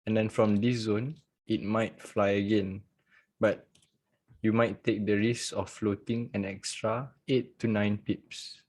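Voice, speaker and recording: Husky, slow-talking man teaching trading live. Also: fairly low pitch, level tone, darkish tone. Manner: joking, chatty, laughs often. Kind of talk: casual live online trading class. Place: at home. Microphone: video call.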